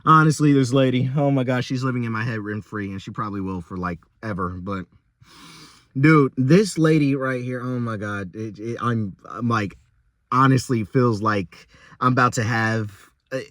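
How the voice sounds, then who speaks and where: A young man venting about a rough day at work in a rambling, exasperated casual vlog rant, often stumbling and repeating himself. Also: mid-range voice, moderate pace, fairly bright tone, no room sound, studio quality.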